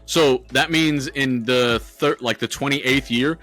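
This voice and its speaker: A man's voice: mid-range voice, steady tone, slow pace, a bit bright, faint music behind. A man co-hosting a podcast in casual chat, talking loosely, swearing and laughing often. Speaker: podcast co-host.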